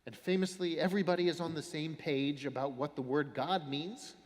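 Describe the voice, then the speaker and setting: A man preaching a sermon as pastor, wry and explanatory, with dramatic pauses. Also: a little high. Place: large church. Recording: long church reverb.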